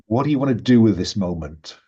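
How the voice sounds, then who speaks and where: A man narrating as game master of a tabletop game, soft-spoken and thoughtful, with some fillers. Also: on the low side, animated, fast, slightly rough. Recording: dull lo-fi sound.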